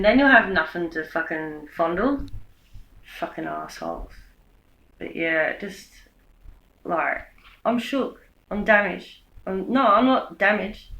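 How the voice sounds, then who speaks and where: A woman giving a rambling, profane monologue, swinging between loud rants and low mutters. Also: animated, measured pace, vocal fry, long pauses, dull audio. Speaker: vlogger giving a speech. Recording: echoey room.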